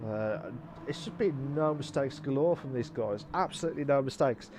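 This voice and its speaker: A man commenting live on a sim race, excitable and repeating phrases, breaking into shouts. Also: medium pitch, normal speed, background noise.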